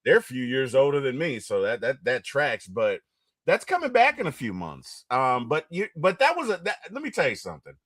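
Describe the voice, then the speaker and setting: Animated, storytelling male interview host. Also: mid-range voice, a little fast, no echo. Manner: animated, storytelling, gets excited and loud retelling movie scenes. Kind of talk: casual interview chat.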